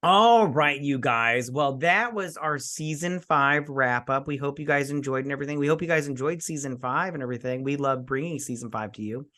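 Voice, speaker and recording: A man co-hosting a casual movie podcast, laid-back and gushing, quick to laugh. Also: medium pitch, sharp tone. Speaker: podcast co-host.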